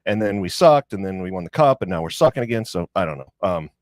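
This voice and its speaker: A man's voice: low-pitched, animated, fast, dry recording. A man co-hosting a podcast in casual chat, talking loosely and easily over a remote call. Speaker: podcast co-host. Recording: dry sound, choppy internet audio.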